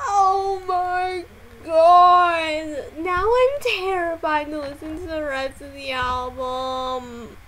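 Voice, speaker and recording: A woman hosting a casual music reaction vlog, excitable and given to loud, dramatic exclamations and frequent swearing. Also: extremely high pitch, drawn-out words, slight background noise.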